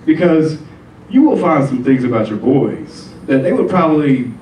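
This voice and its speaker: A man's voice: fairly high pitch, sing-song, normal speed, a little mellow. A man doing a stand-up comedy set, telling stories loosely with lots of filler words and putting on voices for the people in them. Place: comedy club stage. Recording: roomy, distant club recording with faint noise.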